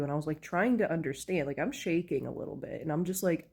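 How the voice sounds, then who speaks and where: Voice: mid-range voice, fast, hardly any pauses, darkish tone, husky. Tired, rambling storyteller just woken up. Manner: rambling, with many fillers like "like" and "you know". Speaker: storyteller sharing a personal story. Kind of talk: casual storytime monologue. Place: at home, in pajamas.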